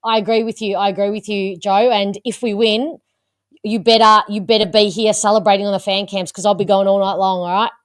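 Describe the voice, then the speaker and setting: A woman's voice: medium pitch, flat delivery, fairly quick, no echo, studio quality. A woman hosting a live fan reaction show, chatty and teasing, laughing often with her guests. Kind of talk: live-stream casual chat.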